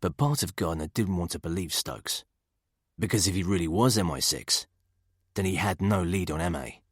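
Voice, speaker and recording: Deep husky-voiced male audiobook narrator. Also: moderate pace, no echo, studio quality. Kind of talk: scripted narration.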